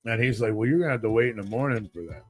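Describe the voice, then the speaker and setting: A man's voice: mid-range voice, very fast, slightly rough, soft background music. A man in casual chat, telling a story with lots of swearing and acting out what everyone said. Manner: profane, animated storyteller acting out quotes.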